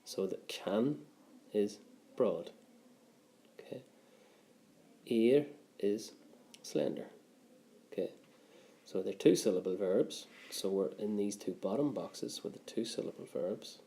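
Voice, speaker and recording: A man's voice: fairly low pitch, takes it slowly, creaky, dark tone. A man who teaches a grammar lesson patiently, step by step, often checking in with "okay". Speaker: Irish language teacher.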